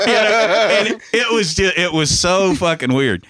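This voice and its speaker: Brief: bright, lively male storyteller, laughing and profane, dry close sound. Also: a little high, fairly quick, hardly any pauses, dry recording. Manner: animated, laughing, profane, repeats himself. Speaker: podcast host telling a story. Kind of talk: casual storytelling chat.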